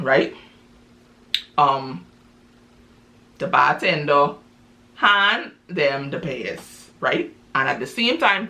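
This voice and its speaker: A woman tells a story out loud in loose, casual chatter. Her pitch leaps around with lively energy, and she keeps checking in with her listeners. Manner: chatty, lots of "you know" and "right?".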